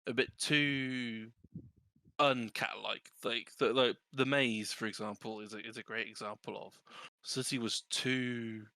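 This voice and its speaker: Man, dungeon master, tabletop game narration, halting, bright tone, dry sound. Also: medium pitch, fairly even intonation, no echo. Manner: halting, many restarts and fillers.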